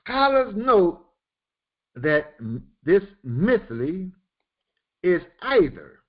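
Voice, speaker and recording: Lively lo-fi man teaching Quran commentary. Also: sits high. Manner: explains slowly with repetitions and Arabic quotations. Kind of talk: verse-by-verse Quran commentary lesson. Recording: dull lo-fi recording.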